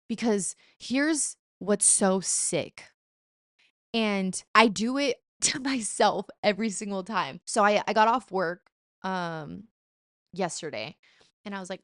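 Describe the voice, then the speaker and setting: A young woman vlogging in a chatty, animated, self-mocking way, sometimes slipping into playful put-on voices. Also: mid-range voice, measured pace, no echo, studio quality. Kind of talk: casual chat.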